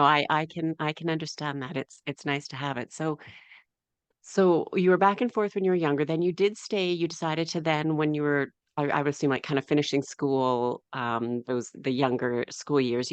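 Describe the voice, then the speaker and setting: A woman hosting an interview, attentively asking gentle follow-up questions. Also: low voice, steady tone, moderate pace, smooth, no room sound. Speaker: host.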